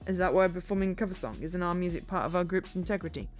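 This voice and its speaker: A woman's voice: on the low side, fast talker, soft background music, close to an everyday voice. A woman voicing a frustrated young male band member who accuses his bandmate, in a confrontational way.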